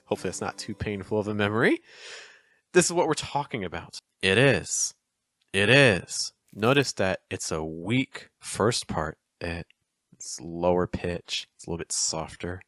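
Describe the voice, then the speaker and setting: A man explaining poetic meter in a chatty, encouraging video lesson, acting out the stresses with exaggerated rises and falls in pitch. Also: fairly bright tone, no echo, clean studio sound. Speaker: poetry teacher.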